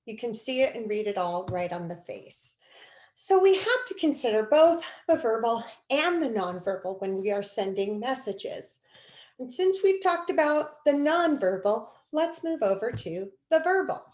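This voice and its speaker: A woman instructor giving a recorded video lecture, lively and expressive, acting out quoted speech as she explains. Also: fairly high pitch, normal speed, reverberant, low-quality recording.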